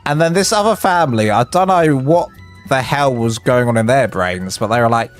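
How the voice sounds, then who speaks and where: A chatty English man streams a building game live, rambling through stories and reactions to chat. His voice leaps up in pitch whenever something excites him. Faint music plays under his talk. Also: moderate pace. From England.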